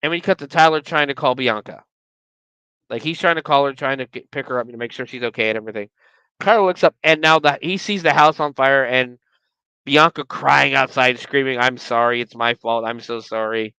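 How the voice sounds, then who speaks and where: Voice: medium pitch, a little fast, smooth, no room sound. A podcast host recapping a horror movie in a casual, ranting way, swearing freely and getting worked up over the plot. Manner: animated, profane, ranting.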